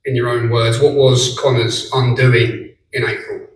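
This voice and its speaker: A man's voice: medium pitch, level tone, measured pace, a little hiss or hum. A man, a reporter, asking short, direct questions at a press conference. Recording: echoey room from far off with faint ambience.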